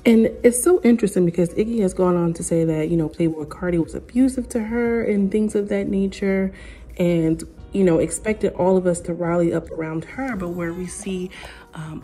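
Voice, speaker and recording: A woman's voice: fairly low pitch, warm tone. A woman giving casual opinion commentary in a sassy, blunt way, talking straight to her viewers. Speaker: commentary vlogger.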